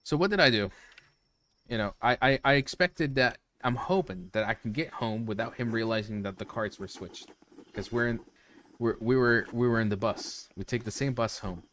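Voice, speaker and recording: A man's voice: mid-range voice, moderate pace, a little hiss or hum. Man spinning a heated story on stream. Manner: animated, profane, lots of restarts and "you know". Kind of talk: casual storytelling to a live chat.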